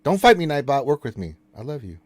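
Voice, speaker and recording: A man's voice: mid-range voice, sing-song, fast talker. Joking male live-stream host. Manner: loose, joking, reads chat questions aloud. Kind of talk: casual live-stream chat.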